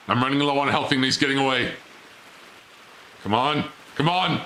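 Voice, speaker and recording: A man's voice: mid-range voice, moderate pace, long pauses, bright, forceful tone, slight background noise. A male streamer giving live gameplay commentary, teasing and taunting in a playful, theatrical mock-villain way.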